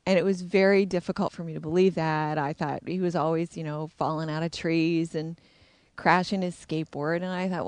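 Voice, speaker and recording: A woman's voice: fairly low pitch, steady tone, normal speed, dry recording. Candid middle-aged woman telling her story. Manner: candid, reflective. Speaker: intuitive, psychic. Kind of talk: personal storytelling.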